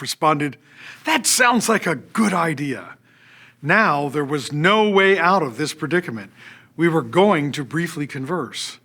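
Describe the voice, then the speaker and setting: An older man, an orchestra's artistic director, narrating personal stories from a script and acting out what people said. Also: on the high side. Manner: animated, acts out quoted voices.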